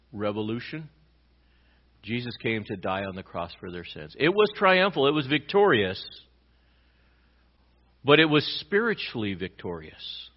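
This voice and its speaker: A man pastor preaching a sermon, swinging between loud emphatic lines and quiet low ones. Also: highs cut off.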